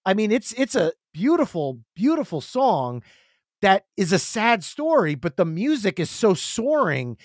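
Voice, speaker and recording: Animated man telling stories, dry sound. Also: sits high, unhurried, no echo. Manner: animated storyteller, acts out quotes. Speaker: podcast guest. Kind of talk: casual storytelling.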